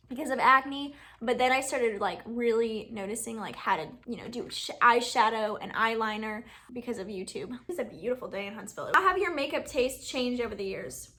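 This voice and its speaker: A young woman from Alabama talks through a casual Q&A vlog. She rambles, fills her talk with "like", and laughs often. Her voice is bright and a little high. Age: 20s. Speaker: beauty YouTuber.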